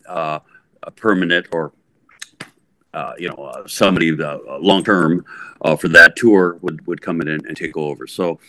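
A middle-aged man, appearing as a guest musician, recounts a long story in an informal interview, rambling animatedly and restarting often. His voice sits low with no echo.

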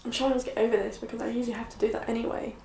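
Soft-spoken tearful young woman, echoey room. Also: fairly high pitch, level tone, vocal fry, slight background noise. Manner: halting, many restarts and soft trailing phrases. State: tearful, upset. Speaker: vlogger. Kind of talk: personal confessional vlog.

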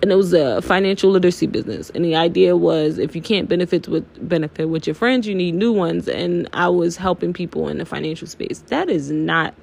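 Emotional, candid woman with gravelly voice. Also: fairly low pitch, a little fast, hardly any pauses, darkish tone, a little hiss or hum. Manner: emotional, swearing, addresses listeners as y'all. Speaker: podcast host. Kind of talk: candid personal podcast monologue.

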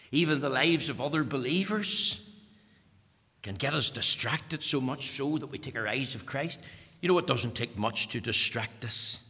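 A man preaching a sermon, emphatic and repetitive, his voice swelling to loud peaks and falling back. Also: medium pitch. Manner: emphatic, repeating phrases, rising to loud peaks. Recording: long hall reverb.

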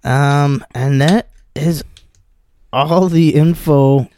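A man's voice: on the high side, extremely slow, dark tone. A young man with a Wisconsin accent co-hosting a podcast, chatting casually and rambling with fillers. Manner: laid-back, rambling with fillers. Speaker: podcast co-host. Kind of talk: casual chat.

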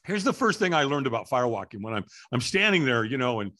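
A middle-aged man, a guest in an interview, telling a story with energy and acting out the voices and shouts of the people in it. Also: medium pitch, fast. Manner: lively, acts out quoted voices and shouts. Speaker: interview guest, firewalk instructor.

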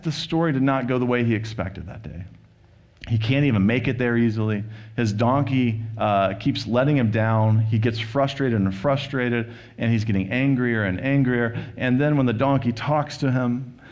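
A male pastor giving a sermon, retelling and reading a scripture story in a relaxed, conversational manner. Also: medium pitch, highs cut off. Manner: conversational storytelling, paraphrasing scripture with quoted voices.

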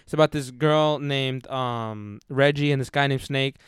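A man's voice: medium pitch, a little slow, smooth, dry recording, studio quality. A young man co-hosting a casual podcast chat, rambling and swearing as he retells a book he's reading. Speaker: podcast co-host.

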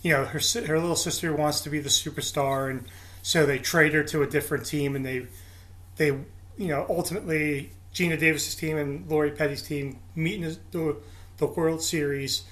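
A man's voice: on the high side, steady tone, normal speed, a bit bright. A man with a somewhat raised voice chats casually about films. He sounds openly enthusiastic and unashamedly sentimental about the scenes he loves. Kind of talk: casual chat about movies.

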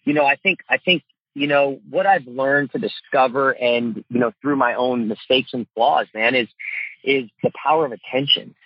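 A man's voice: mid-range voice, moderate pace, husky, no room sound, muffled recording. A middle-aged man, a father and coach, talking earnestly in a casual interview, with lots of fillers. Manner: earnest, heartfelt, many fillers like "you know" and "man".

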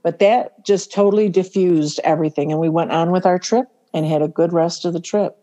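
Mellow-voiced woman telling a story. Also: on the low side. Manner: storytelling, laughs often, slows to stress words. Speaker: podcast co-host. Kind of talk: casual faith podcast chat.

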